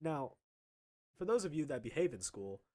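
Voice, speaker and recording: A young man in his twenties tells a storytime anecdote in a lively voice that swings up and down in pitch. He laughs often and stumbles over his words, restarting his sentences again and again. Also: moderate pace. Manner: animated, laughing, stammering restarts. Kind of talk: casual storytime.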